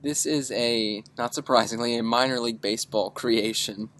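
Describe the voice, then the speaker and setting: A woman with a very deep voice co-hosts a casual podcast. She drops dry, teasing asides between topics. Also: normal speed, a bit bright. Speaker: podcast co-host. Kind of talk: casual chat.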